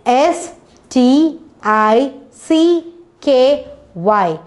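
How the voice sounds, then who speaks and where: Slow-spelling woman phonics teacher. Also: fairly high pitch. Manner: slow, spells letters one by one, repeats words; frequent "okay" checks with the children. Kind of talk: children's phonics lesson.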